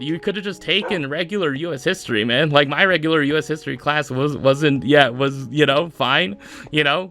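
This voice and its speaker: A man's voice: on the high side, a bit bright. A man in his mid-twenties hosting a solo podcast, rambling through an exasperated rant with lots of fillers. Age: mid-20s. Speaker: podcast host.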